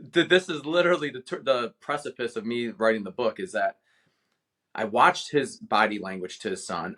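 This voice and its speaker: He's a retired veteran from Cleveland, Ohio, appearing as a podcast guest, and his voice is medium-pitched and fairly bright. In a relaxed interview he animatedly and passionately recounts something from his own life.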